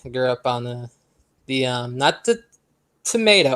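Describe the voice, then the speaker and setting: A man's voice: fairly high pitch, fairly quick, fairly bright tone. A man from North Carolina in casual chat as a call-in guest, rambling with lots of fillers and frequent chuckles. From North Carolina, USA. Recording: call-in audio.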